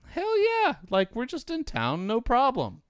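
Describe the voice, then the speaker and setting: A man voicing a carefree, reckless teenage girl babysitter in a shrill, breezy way. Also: fast, smooth, no room sound, studio quality, close to an everyday voice.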